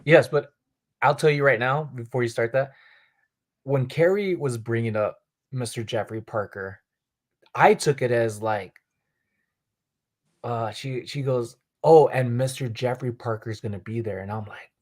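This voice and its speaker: A man's voice: medium pitch, measured pace, pauses often. A man hosting a casual livestream chat, friendly and thanking viewers between stories.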